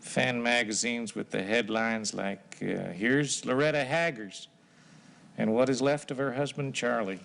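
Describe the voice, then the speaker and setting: An actor playing a panicky, insecure young husband in a hospital bed in a television comedy, stammering anxiously. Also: male voice, medium pitch, steady tone, a little slow, vocal fry, fairly bright tone. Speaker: patient.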